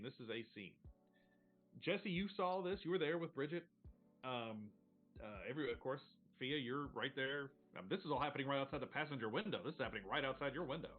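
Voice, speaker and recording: A man's voice: mid-range voice, narrow, tinny audio. A man running a tabletop game as game master, narrating casually, rambling and swearing freely.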